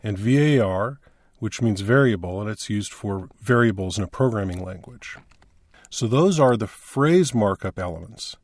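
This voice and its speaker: A man's voice: on the low side, lively intonation, normal speed, darkish tone. A man instructor explaining a coding screencast step by step, in a plain teaching manner.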